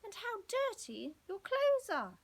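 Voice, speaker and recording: A woman's voice: extremely high pitch, huge pitch swings, takes it slowly, voice pushed up, heavily acted. A woman voicing an exasperated storybook mother who scolds and sighs over her children. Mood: scolding. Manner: exasperated, sighing.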